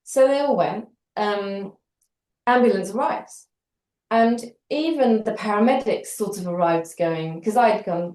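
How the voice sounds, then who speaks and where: Lively middle-aged British woman, roomy sound. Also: medium pitch, unhurried. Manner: animated, acts out quoted dialogue with wry humour. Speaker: interview guest. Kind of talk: conversational storytelling. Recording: roomy echo.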